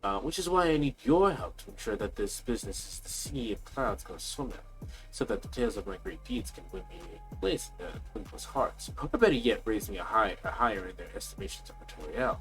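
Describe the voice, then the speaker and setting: A man's voice: on the low side, very animated, brisk, fairly bright tone, soft background music. A man voicing a vain, boastful young nobleman with a pompous, theatrical manner.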